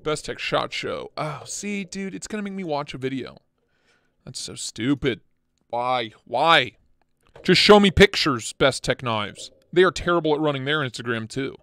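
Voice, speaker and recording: A casual, blunt man hosting a chat stream, excitable and quick to swear, sounding tired. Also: mid-range voice, gravelly, no echo, clean studio sound. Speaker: channel host.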